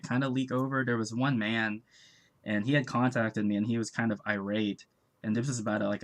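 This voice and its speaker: A man co-hosting a casual stream chat, animated and acting out the people he quotes. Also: fairly low pitch. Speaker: comic creator and stream co-host.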